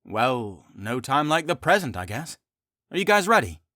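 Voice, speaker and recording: A man voicing an earnest young male knight who rambles in a quick, upbeat way. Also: mid-range voice, big pitch swings, sharp tone, no room sound, studio quality. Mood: excited. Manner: rambling, upbeat, a bit sheepish.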